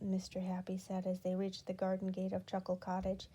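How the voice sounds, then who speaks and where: A woman reading a children's storybook aloud in an expressive, unhurried way. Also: medium pitch. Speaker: children's book reader.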